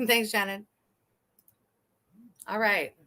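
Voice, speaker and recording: A woman's voice: mid-range voice, fairly even intonation, drawn-out words, pushed and bright. A woman hosting a casual live stream, chatty and laughing often, swearing freely and talking to her chat.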